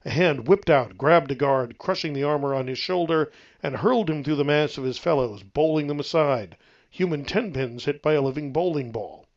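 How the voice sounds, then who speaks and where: Male author-narrator, steady storybook read, gravelly tone, muffled recording. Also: a little high, moderate pace. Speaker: author reading his own novel.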